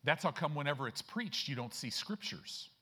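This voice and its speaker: A man preaching a sermon as a church pastor, folksy and emphatic, often checking in with "right?" and slowing down and growing louder to stress scripture. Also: big pitch swings, husky. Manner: slows and rises in pitch and volume to stress scripture.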